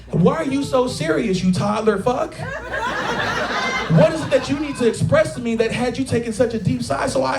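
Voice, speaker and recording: High-voiced man doing stand-up in an echoey bar. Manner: profane, animated storytelling with acted-out quotes. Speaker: stand-up comedian. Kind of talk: stand-up comedy set. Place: taproom stage with a live audience. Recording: echoey bar room with loud crowd laughter.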